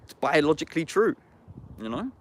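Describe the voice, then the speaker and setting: A man's voice: fairly high pitch, sing-song, a little fast. A man in a casual livestream chat, talking bluntly and heatedly, swearing and saying "bruv" constantly.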